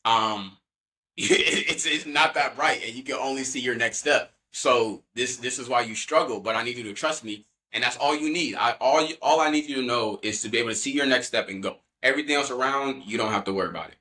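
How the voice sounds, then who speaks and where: A young man talks through his faith testimony as a podcast guest, in a bright, forceful voice at an ordinary pitch. His delivery is earnest and loose, and he keeps reaching for casual fillers as he tells his story. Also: brisk. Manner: earnest, loose, heavy on "you know" fillers.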